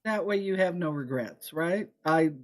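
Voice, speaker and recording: This co-host on a relaxed chat show mostly chimes in with quick, teasing comments and agreement while someone else tells a story. The pitch sits in a middle range, and the delivery is short and reactive. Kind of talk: casual chat.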